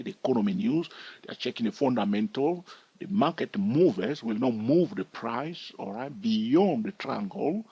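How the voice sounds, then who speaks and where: A man walking students through a chart lesson, his voice a little husky and rising and falling a lot as he explains. He keeps stopping to check in with "all right?" The sound is dry and close, with no room echo. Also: mid-range voice, a little mellow. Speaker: trading educator. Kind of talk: chart-walkthrough teaching.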